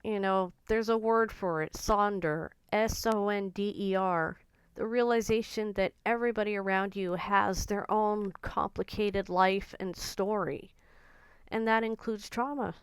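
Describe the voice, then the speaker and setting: A woman vlogger talking in an earnest, gentle and confiding way about her own feelings. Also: mid-range voice, clean tone, no echo. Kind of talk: personal reflective talk to camera.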